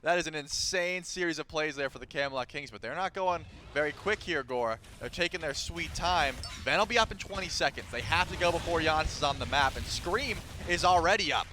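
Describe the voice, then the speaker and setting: Male color commentator, bright slightly high voice, analytical, faint background noise. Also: lively intonation, brisk, few pauses. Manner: analytical, laughs through highlights. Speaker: esports analyst.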